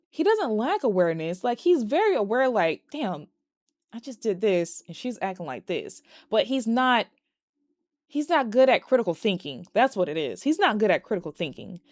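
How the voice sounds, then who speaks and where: A woman's voice: a little high, sing-song, moderate pace, darkish tone, no echo, studio quality. A woman casually recapping and reviewing a movie, blunt and profane, acting out the characters' lines as she goes.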